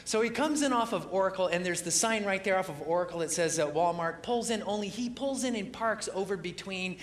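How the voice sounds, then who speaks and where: A man's voice: high-pitched, fairly quick, reverberant, a little hiss or hum. A man preaching a casual, humorous sermon as a pastor, telling stories with frequent chuckles and "uh" fillers. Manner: chatty and humorous, chuckles often, many "uh" fillers.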